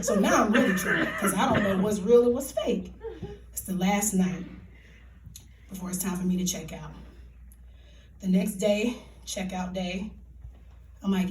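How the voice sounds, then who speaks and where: A woman telling a comic true story live on a theater stage, animated and laughing, in colloquial speech. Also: medium pitch, a little slow, pauses often, slight background noise. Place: theater stage before an audience. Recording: echoey theater, distant mic.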